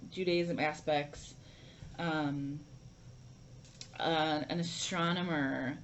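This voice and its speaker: A woman's voice: low-pitched, fairly even intonation, drawn-out words, dull audio, a little hiss or hum. A young woman vlogging a casual book review, rambling with lots of fillers and restarts.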